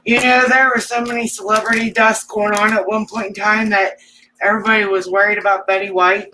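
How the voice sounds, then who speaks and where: A woman's voice: mid-range voice, little pitch movement, a little fast. A woman joining a live stream as a friend, chatting casually and making dry, wry remarks. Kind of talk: casual chat. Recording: distant mic with faint hiss.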